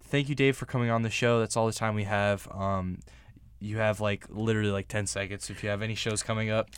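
A radio host with a fairly low voice asks his questions in relaxed, chatty talk. He hesitates with small fillers as he goes. The studio sound is dry and close. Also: brisk, clear, resonant tone, no echo. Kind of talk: casual interview chat.

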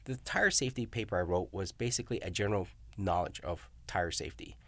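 A man's voice: sits low, fast talker, dry recording. A middle-aged man, a professor, talking casually and telling stories with frequent tag questions like "you know?" and "right?". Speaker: university researcher and professor. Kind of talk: casual academic discussion.

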